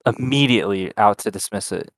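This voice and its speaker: Teasing young man, lowish dry voice. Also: brisk, no room sound. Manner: teasing, argumentative. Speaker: podcast co-host. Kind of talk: casual banter.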